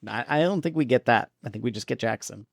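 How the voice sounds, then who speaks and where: A man's voice: mid-range voice, expressive, fast, gravelly, slightly rough, dry recording, studio quality. A male podcast co-host in casual movie-review chat, joking wryly and laughing often.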